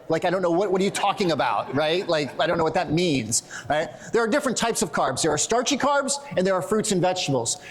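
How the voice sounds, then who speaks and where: A middle-aged man giving a blunt, joking conference lecture on training and nutrition. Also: high voice. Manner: blunt, joking, self-deprecating. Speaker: strength and conditioning coach. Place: conference hall stage.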